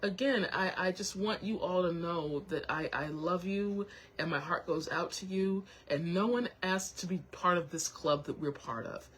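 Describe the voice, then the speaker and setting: A young woman hosting her own show, talking to viewers while close to tears, halting with many restarts and apologies. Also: fairly low pitch, a bit bright. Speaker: show host. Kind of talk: emotional personal talk to viewers.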